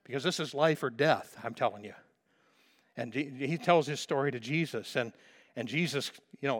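A man's voice: mid-range voice, moderate pace. A man preaching a sermon as a pastor, fervent and emphatic, repeating phrases for emphasis.

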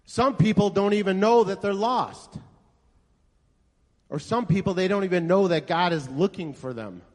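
High-voiced preacher man in an echoey hall. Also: animated, moderate pace, darkish tone. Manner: storytelling preacher, rhetorical questions, emphatic. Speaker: pastor. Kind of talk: sermon.

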